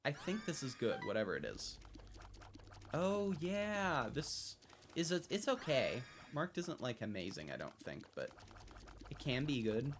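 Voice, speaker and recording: A young man streaming a video game live, thinking out loud, getting excited and swearing freely as he plays. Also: medium pitch, measured pace, slight background noise. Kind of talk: live gameplay commentary. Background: game music.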